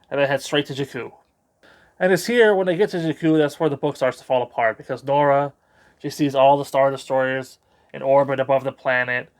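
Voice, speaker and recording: Sarcastic, rambling male book reviewer. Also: medium pitch. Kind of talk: casual spoken review.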